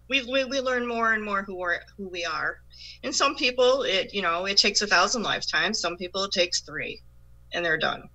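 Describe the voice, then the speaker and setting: A woman's voice: medium pitch, lively intonation, normal speed, sharp tone, rough recording. A woman, a psychic medium guest on a talk show, explaining in a chatty way with frequent restarts. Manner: chatty, laughs often, many restarts. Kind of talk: casual chat.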